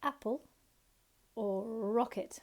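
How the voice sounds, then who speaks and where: Slow sing-song teacher woman. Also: on the high side, darkish tone. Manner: slow, sing-song and encouraging, with chanted sounds and songs. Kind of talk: phonics lesson for young children.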